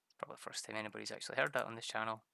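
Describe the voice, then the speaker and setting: A man's voice: on the low side, fairly even intonation, rapid-fire, creaky, sharp tone, no echo. A man, chatting casually on a stream, laughing often and mimicking people. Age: 30s.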